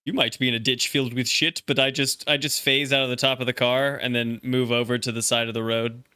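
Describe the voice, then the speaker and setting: A man playing a tabletop game, joking and quick to laugh. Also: medium pitch, level tone, bright, forceful tone, smooth, dry recording. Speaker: player.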